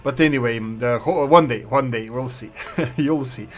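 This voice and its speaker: A man's voice: mid-range voice, normal speed. A man, hosting casual gameplay commentary in a rambling, opinionated way. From former Yugoslavia. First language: Serbo-Croatian. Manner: rambling, opinionated, self-correcting. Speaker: gaming channel host.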